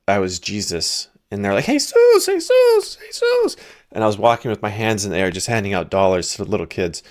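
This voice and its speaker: Low-voiced man telling rough stories. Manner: loose, profane, rambling anecdotes. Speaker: reaction video host. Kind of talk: casual storytelling commentary.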